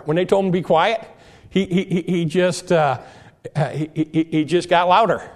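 Male preacher, fairly high voice, halting sermon delivery with frequent restarts. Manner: repeats and restarts words, explaining scripture verse by verse.

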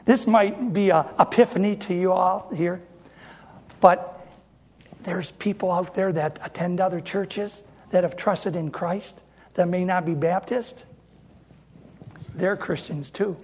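High-voiced middle-aged male preacher. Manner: emphatic, repeats phrases for effect, addresses the congregation directly. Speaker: independent Baptist preacher. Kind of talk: sermon.

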